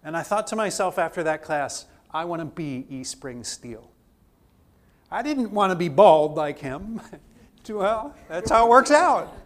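A man teaching a theology class, putting question after question to his students and swinging between loud emphasis and quiet asides. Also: high-pitched. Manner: poses repeated questions to the class. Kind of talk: classroom lecture.

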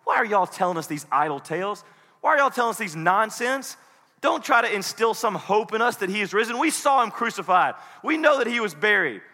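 Man playing an exasperated, scolding disciple, pitched high, with reverb. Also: fast, hardly any pauses, sharp tone. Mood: indignant. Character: scared, exasperated male disciples.

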